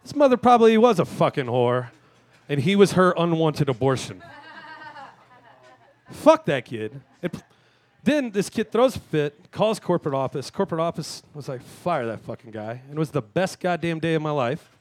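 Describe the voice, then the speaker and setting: A man in his thirties hosting a live talk show, delivering a crude, self-mocking comic monologue with sudden shouted rants. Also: fairly high pitch, big pitch swings, normal speed. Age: 30s. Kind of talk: stand-up style monologue. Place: live venue stage.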